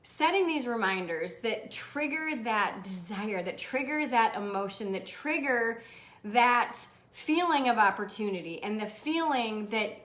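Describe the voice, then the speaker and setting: A woman hosting a live motivational stream in a bubbly, animated manner, laughing often and swearing casually. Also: fairly high pitch, unhurried. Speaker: host. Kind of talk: livestream motivational talk.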